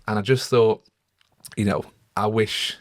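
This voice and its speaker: Low-voiced man, reflective. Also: steady tone, measured pace, dry recording, clean studio sound. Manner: earnest, reflective storytelling with frequent fillers. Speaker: podcast co-host. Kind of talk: casual chat.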